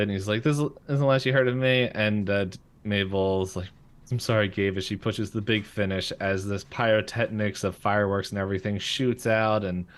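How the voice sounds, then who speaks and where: A podcast co-host with a lowish, fairly bright voice casually recaps a cartoon episode, filling his talk with fillers and laughter while a freight train passes in the background.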